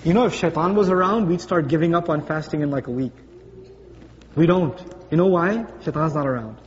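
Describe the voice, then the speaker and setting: A man giving a sermon to a congregation in a lively, conversational way, often slipping into everyday voices. His voice sits high for a man. The recording sounds dull and distant, with long reverb and a faint hiss underneath. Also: fairly quick. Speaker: preacher. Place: large gathering hall with congregation. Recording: distant voice in a large hall, muffled, faint hum.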